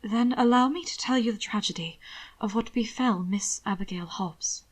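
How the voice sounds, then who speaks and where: A woman voicing an earnest young gentleman who speaks gently and sincerely. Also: fairly high pitch, expressive, a little fast.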